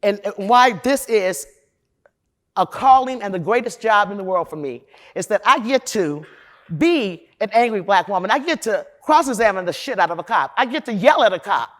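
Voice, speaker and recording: A woman from Chicago, a defense lawyer, giving a candid, profane conference talk in a loud, emphatic, opinionated way, speaking straight to the audience. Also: mid-range voice, lively intonation, normal speed. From Chicago, USA.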